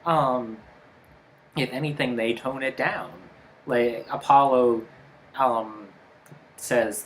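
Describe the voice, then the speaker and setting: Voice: medium pitch, fairly bright tone, a little hiss or hum, rough recording. Casual co-host picking apart an episode. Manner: critical, explanatory, quick asides. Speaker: podcast co-host. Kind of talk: casual review chat.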